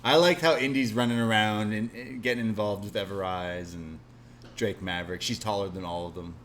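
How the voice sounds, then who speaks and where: Animated man recapping wrestling. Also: lowish voice, brisk, a little hiss or hum. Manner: animated, acts out quotes in silly voices. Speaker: podcast co-host. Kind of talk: casual wrestling recap chat.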